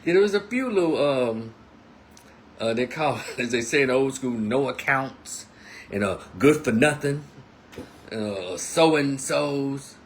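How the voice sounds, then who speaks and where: A man's voice: mid-range voice, a little slow, slight background noise. A man giving a casual monologue, telling a story and acting out the people in it. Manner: animated storytelling, acts out quotes. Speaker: commentator.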